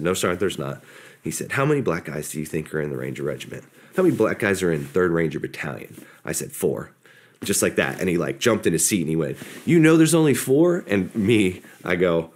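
A middle-aged man with a very low voice tells a story in a relaxed, casual way. He pokes fun at himself and acts out the lines of the people in it. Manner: relaxed, self-deprecating, quotes others in their voices. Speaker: podcast guest, former soldier.

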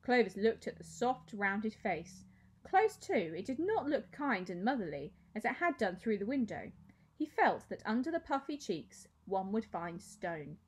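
A woman teacher reading a children's novel aloud with expressive storytelling. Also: mid-range voice, measured pace, husky.

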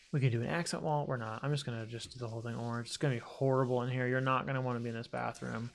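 A man's voice: mid-range voice, fairly even intonation, rapid-fire, vocal fry, hardly any pauses, a little hiss or hum. A man hosting a casual let's-play video, chatting and muttering to himself as he plays, joking at his own mistakes. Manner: chatty, self-deprecating, talks to himself while playing. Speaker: gaming video host.

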